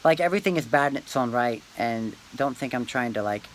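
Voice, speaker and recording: A man rambling through a meandering, philosophizing monologue to camera, pausing often and tagging lines with "man" and "dude". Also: medium pitch, expressive, slight background noise, low-quality recording. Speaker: vlogger.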